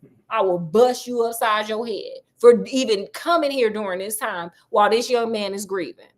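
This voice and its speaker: A woman's voice: medium pitch, normal speed, lightly acted. A woman voicing a protective, hot-tempered older male doctor in her own voice, blunt and scolding.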